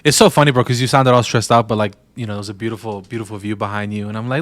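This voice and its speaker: A man's voice: on the low side, rapid-fire, dry recording. Joking man podcaster in a dry room. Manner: relaxed, says "bro" a lot, joking. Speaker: podcast co-host. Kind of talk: casual chat.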